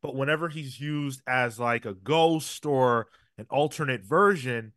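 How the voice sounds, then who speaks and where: A man's voice: mid-range voice, unhurried, fairly bright tone, dry recording, clean studio sound. A man hosting a casual comic book review show, retelling scenes with animation and little acted-out quotes. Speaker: podcast host.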